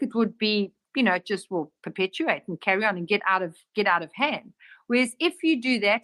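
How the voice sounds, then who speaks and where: A woman giving a casual spiritual talk as a teacher, acting out bits of dialogue in a lively, raised voice. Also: medium pitch. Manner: animated, acts out dialogue in raised voice.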